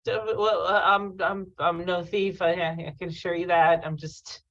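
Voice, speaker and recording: Man, tabletop player, higher pitch, stammering, dull recording. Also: level tone, normal speed, fairly bright tone. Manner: stammering, flustered in character. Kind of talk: tabletop role-play.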